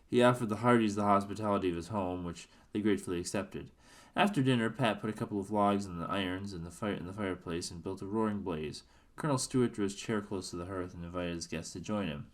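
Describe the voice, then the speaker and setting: A man's voice: sits low, quick pace. A man reading a book aloud casually, now and then stumbling and correcting himself. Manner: stumbles and self-corrects, offhand asides. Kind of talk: casual read-aloud narration.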